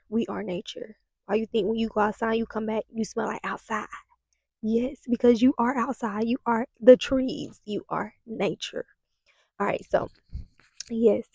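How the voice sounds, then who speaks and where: Emphatic woman nutritionist vlogging, mellow voice. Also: fairly high pitch, no echo. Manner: emphatic, preachy, repeats herself, drops into whispers. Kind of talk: casual vlog monologue.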